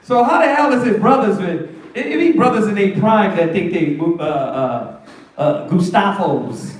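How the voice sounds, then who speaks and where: Male Bible teacher, high voice, slangy and joking; distant mic, heavy room echo. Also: moderate pace. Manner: animated, slangy, joking, rhetorical questions. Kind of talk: lively street-talk preaching. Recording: echoey room, voice far from mic.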